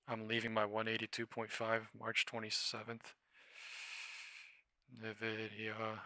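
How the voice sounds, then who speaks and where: A man streaming his live day trading, muttering profanely and anxiously to himself, with sudden shouts away from the microphone. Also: lowish voice, completely flat delivery, slow pace, no room sound.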